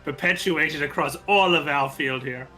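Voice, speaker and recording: A man's voice: fairly high pitch, normal speed, pushed and bright, faint music behind. A man voicing a chatty, gossipy male puzzle-maker in a tabletop game, gleeful about a rival's failure. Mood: gloating.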